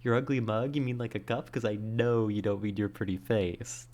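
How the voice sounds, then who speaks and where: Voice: mid-range voice, normal speed, a little mellow. A livestream host chatting casually with viewers, rambling and playful, a little winded after exercise. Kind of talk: casual chat with live viewers. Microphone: streaming setup.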